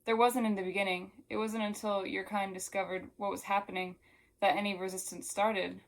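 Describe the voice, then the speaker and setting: A woman reading aloud as a gentle alien woman inside a human body, talking calmly and wistfully. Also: mid-range voice, brisk, lightly acted.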